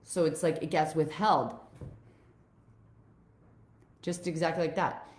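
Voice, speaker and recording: Speaking slowly in a low, steady voice with a reverberant sound, a woman life coach addresses her viewers. She gets raw and heartfelt about old pain in this emotional personal vlog, swearing freely.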